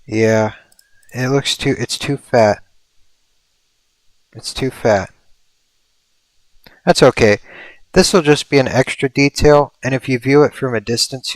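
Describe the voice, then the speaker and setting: A man's voice: mid-range voice, no room sound. A man streaming a building game, musing and thinking aloud as he works, with playful mock-mystical asides. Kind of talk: casual livestream commentary.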